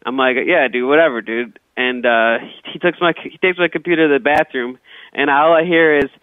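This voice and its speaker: A man's voice: medium pitch, brisk, no room sound. A comedian guest telling rambling stories, stammering and restarting his sentences. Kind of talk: casual comedic storytelling. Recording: tinny phone line.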